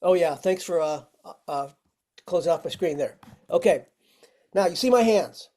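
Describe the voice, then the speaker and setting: A firefighting instructor leads a virtual training lesson over video call, walking firefighters through simple tricks step by step in a friendly way. His voice is mellow and fairly high, expressive, and delivered at a moderate pace.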